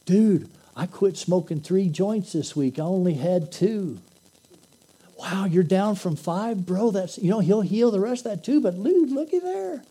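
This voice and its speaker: A man preaching a sermon, acting out laid-back young stoner buddies with a drawling, slangy, high voice. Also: animated, a little slow, warm tone, husky, full character voice. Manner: drawling, surfer-style slang.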